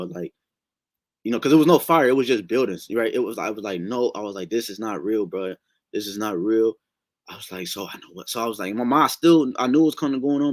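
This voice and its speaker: Young guy, kinda low voice, rambling emotional dream story, lots of slang n cussing, dry close sound. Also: no echo. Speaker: testimony sharer. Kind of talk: casual spoken testimony.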